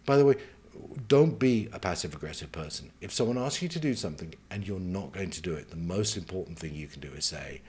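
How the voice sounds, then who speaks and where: A man speaking as a career mentor, giving advice in a measured, conversational way and taking his points one at a time. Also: sits low, lively intonation, darkish tone, husky.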